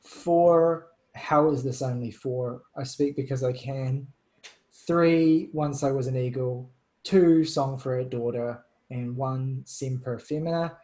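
A man's voice: medium pitch, fairly even intonation, takes it slowly, warm tone, poor audio. A man hosting a casual music podcast, talking loosely with plenty of fillers. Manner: chatty, loose, lots of fillers. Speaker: podcast host.

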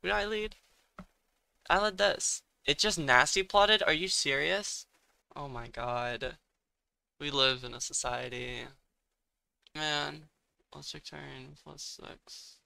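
A man's voice: fairly high pitch, slow, gravelly, long pauses, pushed and bright, no room sound. A young man giving casual commentary while he plays a competitive game, thinking aloud and muttering, with sudden exasperated outbursts. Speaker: gaming streamer.

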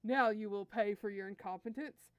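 A proud, hot-tempered alien prince who snaps and sneers at his servant, as a woman reader puts him on. Every line is a scornful command. Dry, close storybook reading with a slightly high voice. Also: brisk, darkish tone, no echo, close to an everyday voice. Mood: sneering.

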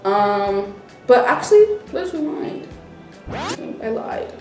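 A woman's voice: mid-range voice, takes it slowly. A young woman vlogger casually telling a story, acting out what everyone said. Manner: animated, acts out quoted dialogue. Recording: roomy echo, distant mic, faint music.

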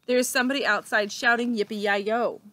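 A woman voicing a timid younger sister who pleads and frets in a soft, high voice. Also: steady tone, normal speed, dry recording. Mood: pleading.

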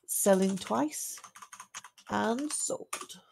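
A woman acting as auctioneer on a game livestream, calling lots and bids in a steady, methodical way. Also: mid-range voice, drawn-out words, gravelly, a little hiss or hum. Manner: steady methodical lot-calling, selling once, twice, sold.

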